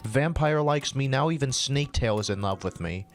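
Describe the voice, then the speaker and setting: A melodramatic, self-pitying teenage goth girl, as a man reads her lines aloud. The lines come out fast and flat, in a middle-pitched voice. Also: soft background music, natural voice. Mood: whiny.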